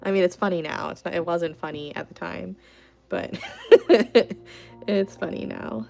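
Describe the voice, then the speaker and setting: Chatty woman with a gravelly low voice. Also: measured pace, mellow, soft background music. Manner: rambling, chatty storytelling with many "like" fillers. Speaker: craft artist hosting a livestream. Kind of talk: casual livestream chat, reading comments.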